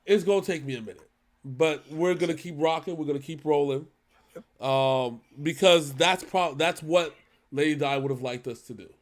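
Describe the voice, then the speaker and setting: A man with a fairly high speaking voice talks through something heavy in a casual, emotional way. He stops and restarts his sentences often, earnest and unpolished. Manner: earnest, halting, with many restarts. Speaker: reaction channel co-host.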